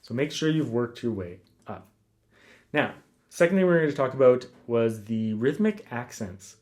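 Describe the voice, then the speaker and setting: A man teaching a guitar lesson in a relaxed, casual way, counting rhythms aloud with frequent ums. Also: mid-range voice. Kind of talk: casual instructional talk.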